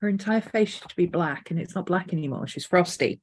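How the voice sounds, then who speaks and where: A woman artist thinking aloud as she sketches, unhurried, now and then cooing to her dog. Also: on the low side, expressive, darkish tone, slightly rough. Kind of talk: casual art vlog narration. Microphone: desk mic.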